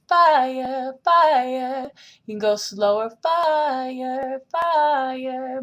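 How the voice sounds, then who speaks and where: A young woman teaching a singing lesson, explaining technique and singing short lines to demonstrate. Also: fairly low pitch. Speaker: vocal coach.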